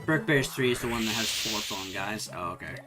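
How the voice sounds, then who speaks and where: A man's voice: lowish voice, expressive, a little fast. A man giving casual, rambling commentary while playing a game on stream, swearing when surprised. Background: game music.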